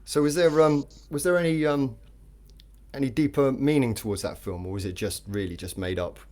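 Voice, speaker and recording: A man's voice: medium pitch, a little fast, a little mellow. A man on a casual live-stream chat, asking a question in a hesitant, rambling way with many fillers.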